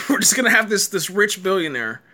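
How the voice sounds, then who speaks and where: Bright-voiced man ranting, laughing often. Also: high-pitched, big pitch swings, moderate pace. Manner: laughing, repeating himself, exasperated. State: tired, early morning. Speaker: reviewer. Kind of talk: casual rant review.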